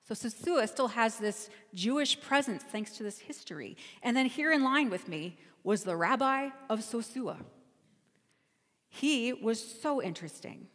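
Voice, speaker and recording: A woman's voice: a little high, animated, a little slow, a bit bright, big-room sound. A woman pastor giving a sermon, telling a travel story in a conversational, storytelling way. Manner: storytelling, conversational, self-correcting.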